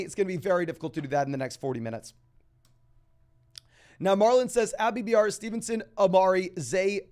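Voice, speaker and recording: Reading out viewers' questions on his fantasy football stream, a young man whose voice sits high fires back answers in fast, energetic sports chatter.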